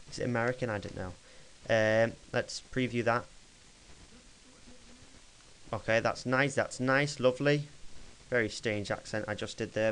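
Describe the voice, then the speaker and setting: Young man, smooth clear voice, casual software walkthrough, rambling and chatty, desk mic. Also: mid-range voice, poor audio. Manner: chatty, rambling, self-correcting as he clicks. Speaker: tutorial maker. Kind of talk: casual screen-recorded software tutorial.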